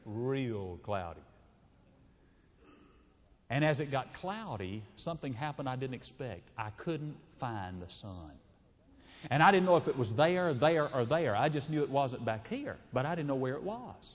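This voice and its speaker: Folksy preacher in a hall. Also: male voice, medium pitch, big pitch swings, measured pace. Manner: folksy, chuckling, homespun. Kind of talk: folksy sermon storytelling. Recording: reverberant hall.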